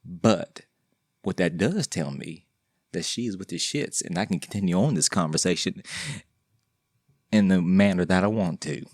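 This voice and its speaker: With a low-pitched, darkish voice, a man hosts his podcast solo at a moderate pace, leaving long pauses. His casual monologue wanders, uses slang, jokes and restarts a lot, all in a dry, clean studio recording.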